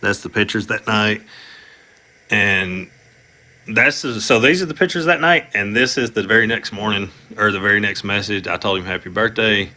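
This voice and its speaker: Male streamer, lowish bright voice, rambling casual delivery full of fillers. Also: normal speed. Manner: rambling, with frequent fillers and restarts. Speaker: livestream host. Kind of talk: casual livestream talk.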